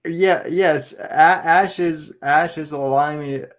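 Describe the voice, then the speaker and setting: A man's voice: a little high, steady tone, takes it slowly. A man co-hosting a podcast, chatting casually and often restarting his sentences. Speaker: podcast co-host.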